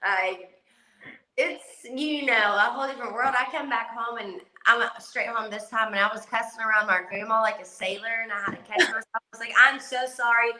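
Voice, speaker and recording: A woman's voice: on the high side, fairly even intonation, fairly quick, bright, forceful tone, roomy sound, low-quality recording. A woman from West Virginia with a Southern accent, a reality show star chatting casually on a call, brash, cursing and laughing often. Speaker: guest, reality competition star. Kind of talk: casual chat on a video call.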